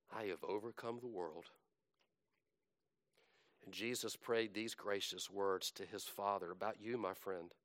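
A man preaching a sermon, reciting scripture in a slow, dramatic delivery that swells and drops. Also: lowish voice, no room sound, clean studio sound.

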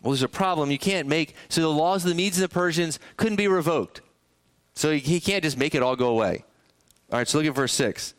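A man's voice: on the high side, lively intonation, a little fast. A male pastor preaching a sermon in a conversational way, often putting questions to the congregation. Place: church sanctuary.

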